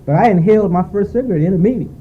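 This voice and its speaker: A man's voice: high voice, racing. Man giving a rambling, heartfelt recovery testimony on a tinny, faintly hissy tape. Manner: rambling, heartfelt, full of fillers. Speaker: speaker sharing at a recovery meeting. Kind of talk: personal testimony at a recovery meeting. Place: meeting room at a retreat. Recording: phone-like lo-fi tape with faint noise.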